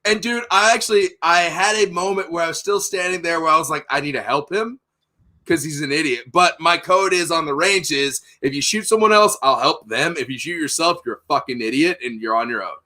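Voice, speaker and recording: Profane, bright-voiced young man telling stories. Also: a little high, fairly quick. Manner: profane, animated storyteller. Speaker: podcast host. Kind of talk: casual storytelling.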